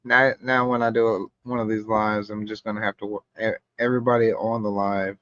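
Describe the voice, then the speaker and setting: A man's voice: lowish voice, level tone, fairly quick, a bit bright, no echo. A man hosting a casual live chat, talking in a laid-back, rambling way over a stream. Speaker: livestream host. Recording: muffled lo-fi stream audio.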